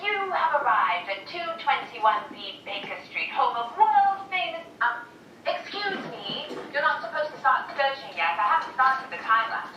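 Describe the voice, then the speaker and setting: A hostess with a bad fake British accent. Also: female voice, high voice, big pitch swings, normal speed, reverberant, a little hiss or hum. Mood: stiff. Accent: bad put-on British. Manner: hesitant, stiff. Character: awkward escape-room hostess in fake British voice. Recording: muffled distant TV audio.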